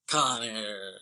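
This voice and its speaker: A man's voice: lowish voice, bright, forceful tone. A man co-hosting a podcast, casually retelling a film's plot in a loose, jokey way and laughing often. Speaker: podcast co-host. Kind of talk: casual movie recap chat.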